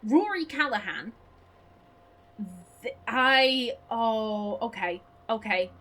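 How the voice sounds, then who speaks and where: A woman hosts a casual game playthrough with excitable, rambling commentary. Her voice is high and very lively, and she often interrupts herself mid-thought. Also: takes it slowly, rough recording. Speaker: let's play host. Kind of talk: casual gaming commentary and reading aloud.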